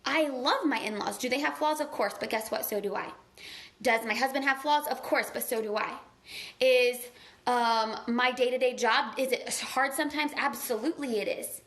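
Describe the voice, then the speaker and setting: Brief: woman, live motivational talk, earnest and gushing, high bright voice with a forceful edge. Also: normal speed. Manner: earnest, gushing and conversational, heavy on "like". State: tearful at times. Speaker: motivational speaker.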